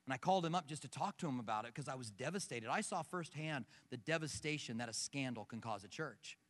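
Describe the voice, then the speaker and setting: A man's voice: mid-range voice, fast. A middle-aged man preaching a sermon, telling personal stories and quizzing the congregation in a large church auditorium with balconies. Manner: animated storyteller who questions the congregation. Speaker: pastor. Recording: echoey hall from a distance.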